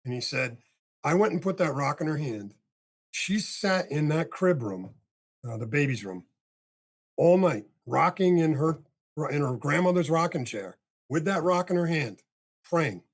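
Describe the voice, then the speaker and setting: An older man, a podcast guest, telling a long story in casual talk and acting out the dialogue with a husky voice. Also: a little high, measured pace. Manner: animated storyteller, acts out dialogue, swears casually.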